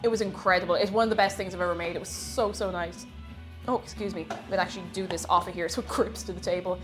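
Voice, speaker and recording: A woman's voice: on the low side, fairly even intonation, quick pace, music in the background. A young woman chatting on a baking live stream, greeting viewers one by one and laughing often.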